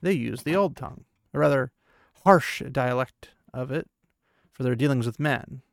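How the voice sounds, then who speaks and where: A man's voice: medium pitch, moderate pace, creaky, dry recording, studio quality, natural voice. A man voicing a stern, noble-born sorceress who scolds in clipped, cold reproaches. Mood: severe.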